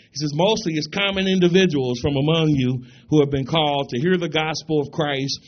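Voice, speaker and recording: A man with a fairly high voice preaching a sermon in a church. He is emphatic, fires rhetorical questions at the congregation and slows down when reading scripture aloud. The recording sounds dull and lo-fi. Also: a little hiss or hum.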